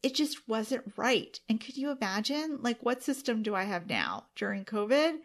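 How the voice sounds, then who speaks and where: A woman's voice: on the high side, very animated, moderate pace. A woman hosting her own podcast alone, talking earnestly and emotionally to her listeners. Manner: emotional, earnest, tearful at times. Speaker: podcast host. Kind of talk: solo podcast monologue.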